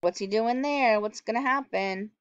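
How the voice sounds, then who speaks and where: A woman teacher reading a storybook aloud to children, expressive and animated, stopping to ask them questions. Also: on the high side, moderate pace, smooth, no echo. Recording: dull, dry lo-fi recording.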